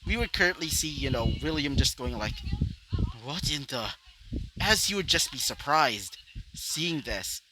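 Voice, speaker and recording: A man's voice: fairly high pitch, animated, moderate pace. A young man improvising a fan fiction story, rambling with many fillers and side rants. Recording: loud background noise.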